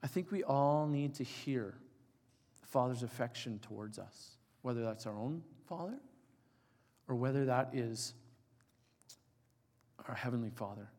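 A man's voice: medium pitch, measured pace, pauses often. Man in his forties preaching in a reverberant hall. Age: 40s. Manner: emotional storytelling, drops to soft quiet tones. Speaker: pastor. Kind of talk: sermon. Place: church hall.

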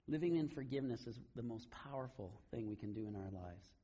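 A man preaching a sermon, retelling scripture stories in a relaxed, conversational way. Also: medium pitch, fairly quick, few pauses, slightly rough, lo-fi sound. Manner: conversational storytelling, casual paraphrase of scripture. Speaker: pastor.

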